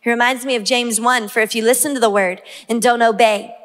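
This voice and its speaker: A woman pastor in her thirties with a Southern US accent, preaching an impassioned sermon that rises to shouts. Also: on the high side, fairly even intonation, a little fast. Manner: impassioned, rising to shouts on key lines. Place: large church sanctuary. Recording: long hall reverb.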